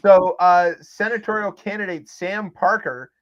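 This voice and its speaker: A man's voice: sits high, steady tone, a little slow, fairly bright tone. A man co-hosting a comedic news podcast, rambling and sarcastic with many fillers. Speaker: podcast co-host. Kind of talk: casual comedic news chat. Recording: dull lo-fi sound.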